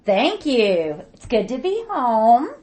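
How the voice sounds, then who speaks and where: Lady cohost, middle-aged, bit high voice, laughs a lot then gets fired up. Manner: warm, quick to laugh, gets animated when arguing. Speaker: podcast co-host. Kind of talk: casual chat.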